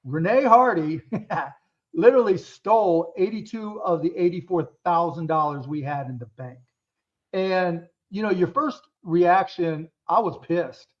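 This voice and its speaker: A guest entrepreneur in his fifties, his voice notably high for a man, tells frank, profanity-laced stories while answering interview questions. He speaks at a measured pace, blunt and candid, and the recording sounds dull and lo-fi.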